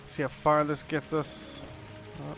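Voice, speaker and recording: A man's voice: on the high side, monotone, unhurried, gravelly, music in the background. A young man chatting casually while playing a game, rambling with many fillers. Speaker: gaming channel host. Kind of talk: casual gameplay commentary.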